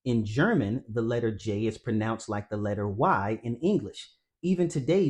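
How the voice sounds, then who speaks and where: A man's voice: on the low side, expressive, normal speed, a little mellow. Man narrating a Bible language lesson. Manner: explanatory, addresses viewers as family. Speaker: Christian teacher. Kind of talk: scripted teaching narration.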